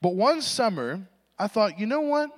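Young guy preaching, high lively voice, big echoey hall, jokes on himself. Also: moderate pace. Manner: animated and self-deprecating, acts out voices in his story. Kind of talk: sermon with storytelling. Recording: reverberant hall recording.

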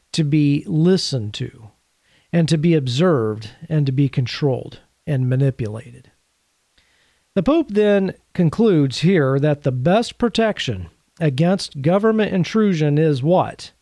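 A man's voice: fairly high pitch, mellow, no echo. A man presenting a Catholic teaching series, speaking in an earnest, conversational way with dryly sarcastic asides. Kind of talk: teaching talk to camera.

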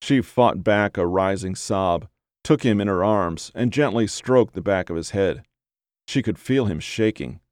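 A man with a fairly low voice reads a horror story in a measured, even way. The sound is dry and close, with no room echo. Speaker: narrator. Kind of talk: horror audiobook reading.

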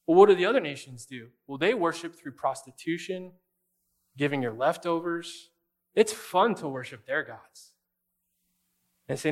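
Man, pastor, preaching a sermon, conversational, rhetorical questions, slightly high voice. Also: fairly quick, fairly bright tone.

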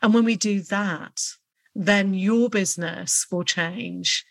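A woman hosting her own podcast, speaking alone in an unhurried, earnest and reflective way. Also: mid-range voice. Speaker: podcast host. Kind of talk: solo motivational podcast talk.

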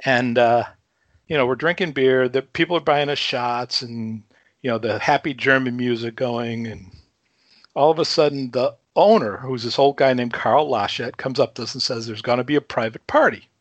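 A man in his fifties from Chicago, guest on a casual talk show, telling a story with lively energy, swearing freely and chuckling between lines. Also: mid-range voice, normal speed, no room sound, muffled recording. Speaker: podcast guest.

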